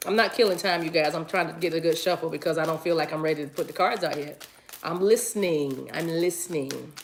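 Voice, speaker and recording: A woman's voice: low-pitched, brisk, slight background noise. Chatty, playful woman tarot reader. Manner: chatty and playful, laughs easily. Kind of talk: casual livestream tarot reading.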